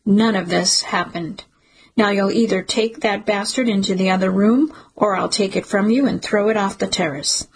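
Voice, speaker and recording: A woman's voice: mid-range voice, fairly even intonation, normal speed, husky, low-quality recording. A woman voicing a stern, cold older father who speaks curtly and with contempt. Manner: curt, contemptuous, dismissive.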